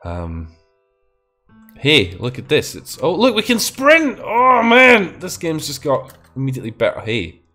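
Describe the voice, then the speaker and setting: A man's voice: on the high side, wildly swooping pitch, measured pace, pushed and bright, soft background music. A young man hosting a game stream, chatting and teasing a guest in a casual, joking way. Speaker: streamer host. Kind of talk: casual gameplay chat.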